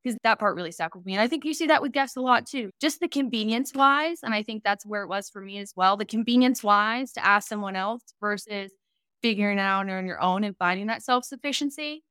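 Young woman, podcast guest, smooth clear voice, dry close sound, candid and chatty. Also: medium pitch, a little fast, bright, forceful tone, dry recording. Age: 20s. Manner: chatty, candid, playful banter. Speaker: guest, vacation rental business owner. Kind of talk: casual podcast interview.

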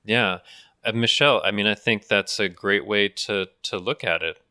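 A man co-hosting a casual podcast, chatting quickly and reading listener feedback aloud. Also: fairly low pitch, bright, forceful tone, no echo, clean studio sound. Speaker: podcast co-host.

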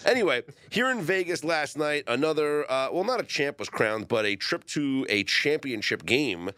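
A man hosting a sports betting show, chatting casually and getting excited as he talks. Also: on the high side, normal speed, dry recording.

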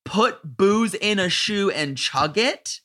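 Bright, forceful man chatting casually. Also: high voice, expressive. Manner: swearing, joking, quick banter. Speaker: podcast host. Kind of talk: casual chat.

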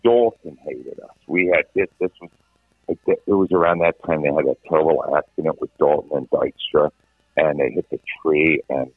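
A middle-aged man with a very low, husky voice tells stories in an animated, casual way, often restarting his sentences. He comes through a thin, phone-like line. The sound is dry, with no room around him. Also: no echo. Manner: animated anecdotal, frequent restarts. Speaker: veteran sports radio host, guest. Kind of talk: casual storytelling chat.

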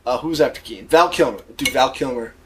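A man's voice: medium pitch, fast talker, slight background noise. A man co-hosting a podcast, swearing freely and laughing often in crude casual banter. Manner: profane, emphatic, laughs often. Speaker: podcast co-host.

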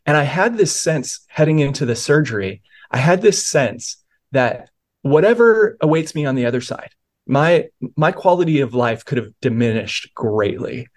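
A man's voice: mid-range voice, lively intonation, normal speed. A man, a pastor and author, earnestly telling a personal story of faith in a podcast interview, with many restarts.

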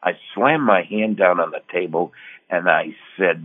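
An older man with a fairly low voice, heard on a tinny, phone-like radio line. He is from the US Northeast and tells folksy stories on the air. He chats casually and acts out the dialogue he quotes. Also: measured pace, husky. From Connecticut, US Northeast. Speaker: radio show co-host. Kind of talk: casual radio chat, storytelling.

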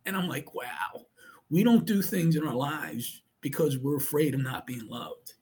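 A man's voice: on the high side, lively intonation, moderate pace, a little mellow, breathy edge. A middle-aged man telling a personal story as an interview guest, earnest and emotional, often quoting what others said. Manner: earnest and emotional, retelling with quoted dialogue.

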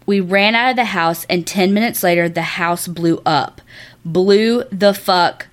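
A woman co-hosting a casual podcast, reading out a listener's ghost story and chatting with lively swearing and laughter. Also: on the low side, moderate pace. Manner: animated, swears, laughs often. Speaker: podcast co-host.

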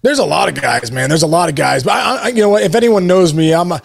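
A man's voice: on the high side, quick pace, creaky, husky. A man in his forties, a baseball coach, talking with enthusiasm in a casual interview, rambling with lots of "you know" fillers and restarts. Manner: enthusiastic, emotional.

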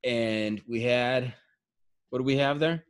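A man hosting a podcast, telling a hiking story in casual chat, quick and animated with frequent restarts. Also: medium pitch, smooth. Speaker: podcast host.

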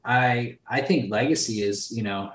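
A man's voice: mid-range voice, a little slow, a bit bright, slight background noise. A man talking as a podcast guest in casual chat, loose and rambling, full of fillers and swearing. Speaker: podcast guest, solar sales entrepreneur. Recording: roomy echo.

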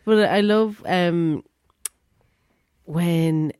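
A woman co-hosting a podcast, telling film anecdotes in a casual, animated way. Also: fairly low pitch, drawn-out words, smooth, dry recording, studio quality. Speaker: podcast co-host.

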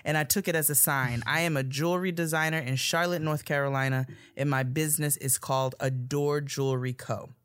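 A woman's voice: sits low, fairly even intonation, fairly quick, few pauses, clear, resonant tone, no echo, studio quality. A woman co-hosting a podcast, chatting casually with a laugh, swearing freely and reading a listener's letter aloud. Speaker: podcast co-host.

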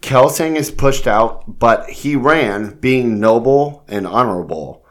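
Man, podcast co-host, unhurried delivery, casual book chat, acts out quotes. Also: medium pitch. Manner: slow, animated retelling with acted-out quotes. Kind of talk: casual chat recapping a novel.

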